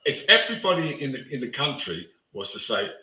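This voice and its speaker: A man's voice: mid-range voice, sing-song, brisk, pushed and bright, slight background noise. Blunt rambling man, echoey room. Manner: rambling, blunt, swears freely. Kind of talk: casual live-stream chat.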